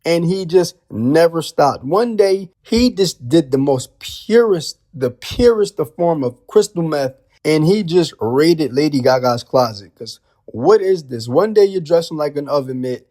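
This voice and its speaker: A man's voice: a little high, lively intonation, unhurried, few pauses, warm tone. A man giving casual ranting commentary as a wrestling vlogger, firing off incredulous rhetorical questions in loose slang.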